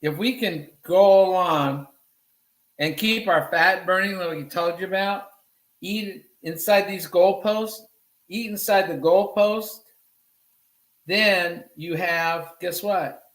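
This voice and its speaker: A man's voice: sits high, slow, fairly bright tone, echoey room, rough recording. A man giving a casual cooking demonstration, talking to viewers as he cooks and answering his own questions. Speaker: cooking instructor. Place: home kitchen.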